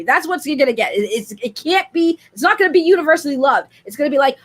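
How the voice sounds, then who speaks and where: A woman's voice: sits high, animated, fast talker, few pauses. Earnest, repetitive woman co-host. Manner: earnest, repeats herself, frequent restarts. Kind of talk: casual livestream chat.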